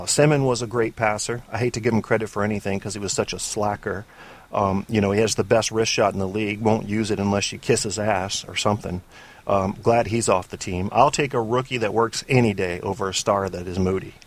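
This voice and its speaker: A man's voice: lowish voice, fairly even intonation, fairly quick. Opinionated male sports talk host. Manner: opinionated, rambling, profane. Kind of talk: casual call-in sports talk show.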